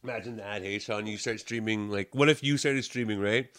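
A man's voice: fairly quick, no echo, clean studio sound. A man chatting casually as a podcast co-host, telling stories and acting out the people in them. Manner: animated storyteller, acts out quotes in high voices. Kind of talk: casual chat.

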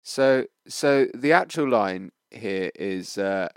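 A man's voice: fairly low pitch, lively intonation, takes it slowly, smooth, no echo. A man co-hosting a casual film review podcast, making dry, matter-of-fact remarks. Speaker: podcast co-host.

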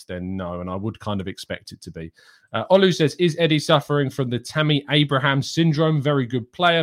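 Opinionated man hosting a live Q&A. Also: medium pitch. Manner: opinionated, rants and restarts mid-sentence. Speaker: host. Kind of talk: live stream Q&A reading chat questions.

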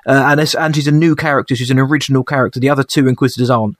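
A man's voice: medium pitch, fairly even intonation, rapid-fire, no room sound, clean studio sound. A young man chatting casually as a podcast co-host, thoughtful and hesitant, often restarting his sentences. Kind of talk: casual chat reviewing a TV episode.

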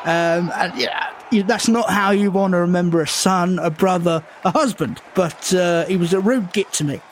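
A man telling an absurd story in a deadpan, rambling way, full of hesitations and fillers. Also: sits high, normal speed, noisy background. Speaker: improvised comedy guest. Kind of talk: deadpan improvised comedy character.

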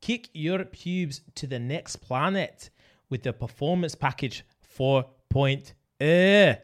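A hammy ad announcer with a mock-Scottish accent, as a man puts one on, rolling through a sponsor read in a soft, playful tone. The voice sits a little above the usual male register. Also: on the high side, takes it slowly. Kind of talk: comic ad read.

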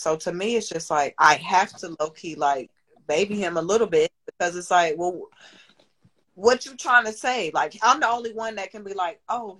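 A candid woman in her thirties, a business owner and single mother, rambles as a podcast guest, swearing freely and turning emotional. Her voice is medium-pitched with a fairly bright tone, on a rough recording.

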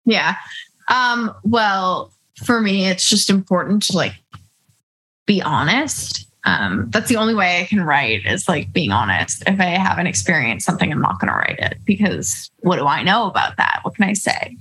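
A woman's voice: lowish voice, very animated, moderate pace, fairly bright tone, slightly rough, low-quality recording. A young woman, a musician being interviewed, telling stories in casual chat full of "like" and quoted asides. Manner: bubbly, storytelling with lots of "like" and quoted asides. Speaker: musician guest.

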